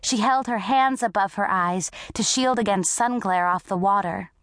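A woman narrating a first-person audiobook story in a scripted, unhurried way. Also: medium pitch, fairly bright tone, no room sound, clean studio sound.

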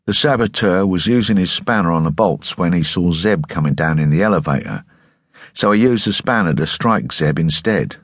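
Man doing a stern young male rebel leader, curt, accusing, deep voice, audiobook. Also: lively intonation, normal speed, no echo, clean studio sound.

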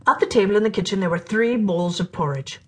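A woman narrating a children's storybook in an animated, playful way, sometimes dropping to a whisper for suspense. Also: mid-range voice, fast, breathy edge. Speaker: storyteller host.

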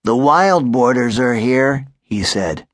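A man's voice: medium pitch, expressive, slow pace, dry recording, clean studio sound. A man voicing a sensible, serious male pig in a children's audiobook. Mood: grave. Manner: grave, matter-of-fact.

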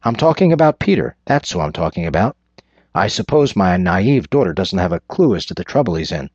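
A man's voice: sits low, very animated, fairly quick, a little mellow, husky, dry recording, exaggerated voice. A man voicing a furious wealthy father who blusters and swears at his daughter. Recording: dull lo-fi recording.

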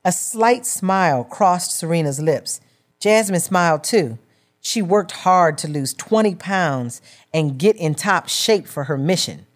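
A woman reading a novel as an audiobook narrator in a measured storytelling manner. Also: lowish voice, expressive.

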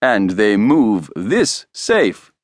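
A man's voice: lowish voice, very animated, drawn-out words, no room sound, clean studio sound, full character voice. Man voicing a velvety, smug foreign schemer. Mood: smug, oily. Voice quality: velvety, faint foreign accent. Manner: obsequious, smug. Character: oily scheming foreign male inventor.

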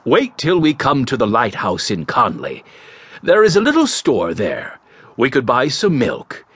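Kindly old grandpa, calm and measured, bit husky, storybook, a man voicing him. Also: mid-range voice, no room sound, full character voice. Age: over 60. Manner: calm, measured, gently teasing. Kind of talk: audiobook character voice.

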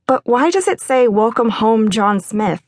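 A friendly grown woman with a wry, joking way of talking, read by a woman narrating an audiobook. The voice sits close to the narrator's own, a touch brighter. It is recorded dry and close in a booth. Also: fairly high pitch, lively intonation, a little slow, no echo, voice pushed up. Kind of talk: audiobook character voice.

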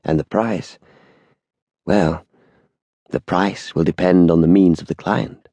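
A man's voice: low-pitched, slow, dark tone, dry recording, highs cut off, exaggerated voice. A man voicing a courteous, deferential old shop assistant who speaks formally and politely. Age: older.

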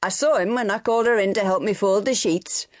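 A sharp-tongued farm mother, as a woman narrator puts her on, snapping out her disapproval. She sits higher than the reader's own voice and pushes a little harder. The audiobook reading is close and dry. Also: fairly quick, no echo, lightly acted. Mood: sharp disapproving.

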